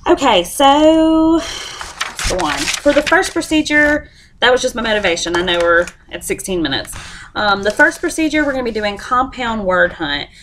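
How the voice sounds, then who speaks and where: A woman's voice: a little high, expressive, moderate pace, a bit bright, a little hiss or hum. Apologetic young woman demonstrating a lesson. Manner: apologetic, chatty, explains step by step. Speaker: student teacher presenting a lesson plan.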